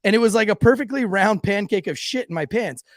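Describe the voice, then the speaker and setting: A man's voice: sits high, fairly quick, no echo, studio quality. A man hosting a podcast, telling a long story in a casual, profane, rambling way full of "like".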